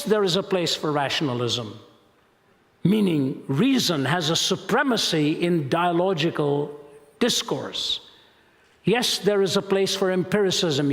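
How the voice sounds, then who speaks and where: Man, public lecture, gravelly voice, dramatic recitation, long hall reverb. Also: high voice. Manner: dramatic recitation with rising intensity. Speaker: Christian apologist speaker.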